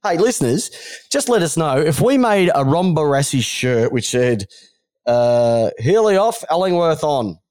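A man's voice: medium pitch, measured pace. An Australian man co-hosting a podcast, bantering bluntly and mockingly about football. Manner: blunt, mocking, animated ranting. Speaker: podcast co-host. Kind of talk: casual sports banter.

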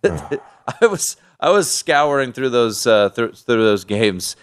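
A man's voice: medium pitch, expressive, slow pace, smooth. A man hosting a sports betting talk show, chatting loosely and restarting his sentences often.

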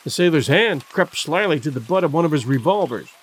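A man narrating an adventure novel in a measured, expressive storytelling manner. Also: on the high side, slightly rough. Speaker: audiobook narrator. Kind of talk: scripted narration.

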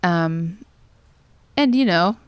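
A woman's voice: on the low side, animated, extremely slow, clean tone, no echo. A woman in her thirties, a songwriter guest, telling a personal story in a rambling way with lots of fillers. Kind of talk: conversational storytelling.

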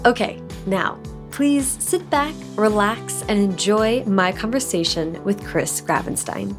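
A woman's voice: medium pitch, expressive, measured pace, music in the background. A woman hosting a podcast, reading the intro and chatting eagerly with her guest. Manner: enthusiastic, chatty. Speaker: podcast host.

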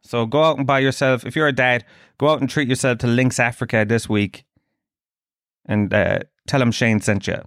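A man's voice: medium pitch, fairly even intonation, moderate pace, fairly bright tone, no echo, clean studio sound. A middle-aged Irish man from Dublin hosting a podcast, telling self-mocking comic stories full of swearing. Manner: sweary, self-mocking storytelling with put-on voices. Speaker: podcast host. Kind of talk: comic monologue.

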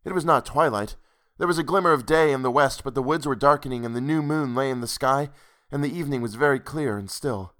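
A man's voice: mid-range voice, fairly quick, few pauses, a bit bright. Man reading a ghost story aloud. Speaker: narrator. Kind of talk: scripted storybook narration.

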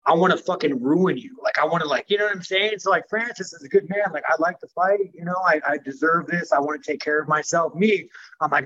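Husky, blunt, foul-mouthed man. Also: fairly high pitch, fast, fairly bright tone, highs cut off. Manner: blunt, profane, rambling with many fillers. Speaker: professional fighter. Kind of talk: casual interview chat.

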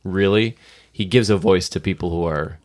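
A man's voice: sits low, normal speed, darkish tone. Blunt, opinionated podcast man. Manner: blunt, opinionated, laughs often. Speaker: podcast co-host, teacher. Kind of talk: casual chat.

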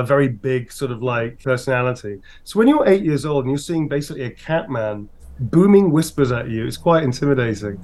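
Actor telling animated stories. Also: male voice, medium pitch. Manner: lively, animated storyteller who acts out voices. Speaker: actor and guest. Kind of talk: interview storytelling.

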